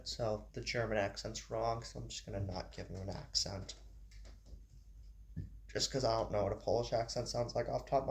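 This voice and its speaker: A man's voice: mid-range voice, darkish tone. A man reading his story aloud in an amateur style, stumbling and restarting, with casual asides. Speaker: narrator.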